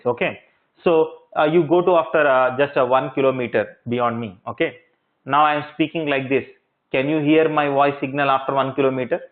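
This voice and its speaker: Man lecturing over tinny audio. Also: fairly high pitch. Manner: repetitive, checks understanding with rhetorical questions. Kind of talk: classroom lecture.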